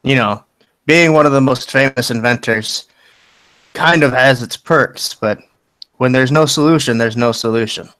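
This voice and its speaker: A man playing a frail, elderly inventor father who teases his son and speaks with gruff resignation. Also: medium pitch, normal speed, a bit bright, dry recording, close to an everyday voice. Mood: resigned.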